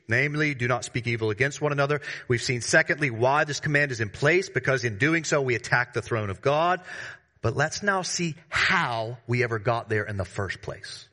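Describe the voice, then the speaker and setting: Male pastor, bright voice, emphatic sermon delivery with sudden bursts and slangy asides. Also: normal speed. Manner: emphatic preaching with sudden rises in pitch and volume.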